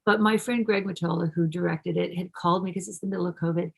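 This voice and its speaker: A woman's voice: on the low side, fairly even intonation, fast, gravelly, breathy edge, rough recording. A middle-aged actress being interviewed, talking effusively and casually, often restarting her sentences.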